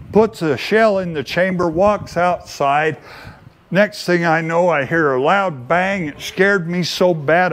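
Folksy male storyteller, somewhat high voice. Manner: unhurried, homespun, playfully earnest. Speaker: open-mic storyteller. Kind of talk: folksy spoken storytelling to an audience.

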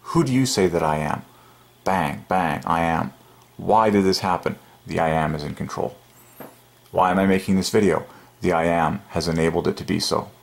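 A man hosting his own channel, giving an excited, emphatic religious monologue and chuckling often. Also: low voice, normal speed, vocal fry. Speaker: channel host. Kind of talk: casual religious monologue to camera.

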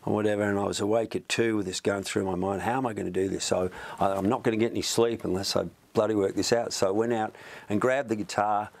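A middle-aged man with a fairly low voice tells long, meandering stories in a relaxed interview. He stops and restarts often and keeps adding asides, the way someone talks while sitting in a music studio. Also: fast talker, vocal fry. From Australia. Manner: rambling, chatty, many restarts. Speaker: musician guest. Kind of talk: storytelling in an interview.

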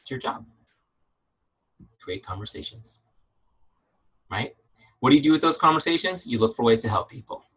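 A man's voice: mid-range voice, lively intonation, normal speed, pauses often, fairly bright tone, husky, poor audio. A middle-aged man leading a business training webinar, emphatic and fired up, repeating his key points. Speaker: business coach.

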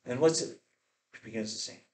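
A pastor preaching a sermon, animated and playful, often acting out the voices of the people in his stories. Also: mid-range voice, a little fast, echoey room, a little hiss or hum.

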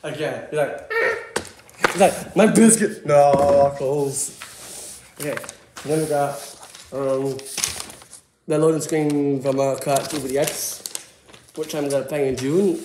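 A man giving excitable, giggly, rambling commentary as a vlogger. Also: on the high side, a little slow, long pauses, background noise. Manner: excitable, giggly, jumps between topics. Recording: echoey room.

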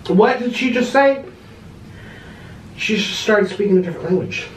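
A man's voice: high voice, moderate pace. A man vlogging in a comedic bickering style, whiny and dramatic, breaking into shrieks. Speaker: food vlogger. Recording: noisy home video.

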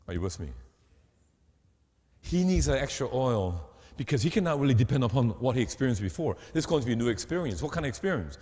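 A man preaching a sermon, swinging between loud and hushed and checking in with his listeners through rhetorical questions. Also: medium pitch, very animated, fast. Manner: asks the audience rhetorical questions. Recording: long hall reverb.

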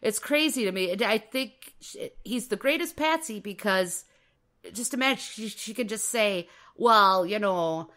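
A woman from Minnesota, co-hosting a casual true-crime podcast and telling the story in an animated way, repeating phrases for effect. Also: fairly high pitch, moderate pace. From Minnesota, USA. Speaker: podcast co-host.

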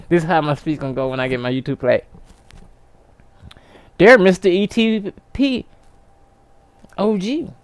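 Theatrical man with a smooth dry voice. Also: a little mellow, no room sound. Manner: theatrical, jumps into squealing high-pitched mock sobbing speeches. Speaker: gaming YouTuber. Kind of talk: comedic vlog rant.

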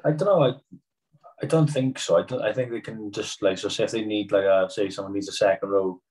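A young man with a Welsh accent talks in a low voice at a rapid clip. He tells stories in a lively, casual way, dropping swear words as he goes, like a guest on a relaxed podcast. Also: low-quality recording. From Wales. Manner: fast, animated storytelling with swearing. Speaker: guest rugby player.

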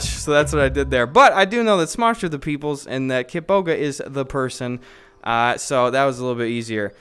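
A man streaming live, chatting casually with his viewers in a loud, profane, jokey way. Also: fairly high pitch, fairly quick, smooth, faint music behind. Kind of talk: casual livestream chat.

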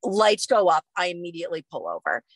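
A woman guest on a podcast, telling a story in a casual, animated way with plenty of swearing. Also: fairly low pitch, a little fast, no room sound. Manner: animated and expressive, swears freely. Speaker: guest, professional runner.

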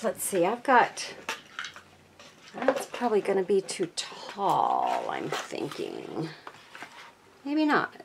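Woman crafter, casual tutorial, chatty and thinking aloud, bright crisp tone, faint noise behind. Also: on the high side. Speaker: crafting channel host. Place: craft workbench.

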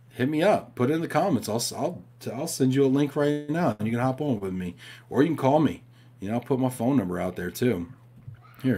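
A man's voice: fairly low pitch, mellow, slight background noise. A man hosting a live stream from home, chatting casually and reading viewer questions, upbeat and talking straight to his audience. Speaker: host of a live show.

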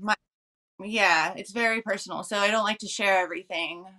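Californian woman, co-host, bright edge, giggly and chatty. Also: medium pitch, a little fast. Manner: giggly, laughs between phrases. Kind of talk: casual live-stream chat.

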